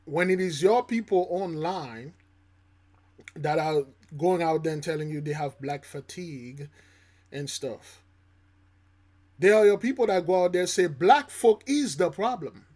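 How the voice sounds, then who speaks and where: A man hosting his own channel, giving preachy reaction commentary, emphatic and repetitive, swinging between loud and soft. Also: a little high, unhurried, long pauses. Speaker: channel host.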